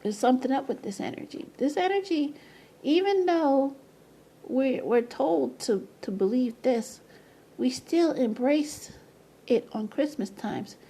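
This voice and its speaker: Gravelly, husky-voiced woman rambling to camera. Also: high-pitched, animated, a little slow. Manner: rambling, repeats words, bursts into loud laughing asides. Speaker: video presenter. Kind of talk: casual monologue to camera. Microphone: camera mic.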